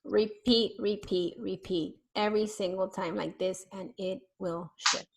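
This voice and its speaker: A woman parenting therapist coaching parents on a video call, deliberately swinging her voice from high to low. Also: steady tone, low-quality recording.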